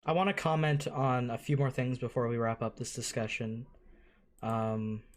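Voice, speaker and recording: An anime reaction host talking in casual commentary at a mid pitch. The voice gushes with emotion and swears freely. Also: steady tone, normal speed.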